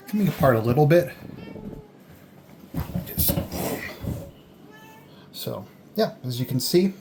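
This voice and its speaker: Casual food-vlog host, rambling between bites, mid pitch, roomy echo, faint dish clatter. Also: noisy background. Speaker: food vlogger. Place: indoors at home, eating a delivered meal. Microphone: camera on a tripod.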